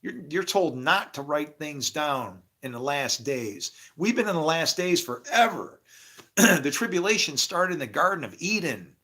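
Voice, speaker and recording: A man talks through his faith in a loose, rambling monologue. His voice sits a little high and swings widely up and down. He swears freely and slips into acted-out snippets of conversation. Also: big pitch swings, unhurried, pushed and bright. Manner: swears freely, acts out imagined dialogue, laughs often. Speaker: spiritual speaker.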